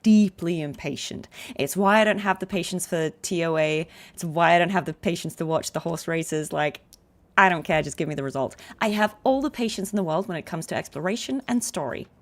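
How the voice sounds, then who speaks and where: A voice actress chatting casually on a game stream and answering viewer questions. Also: female voice, lowish voice, fairly quick. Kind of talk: casual livestream chat.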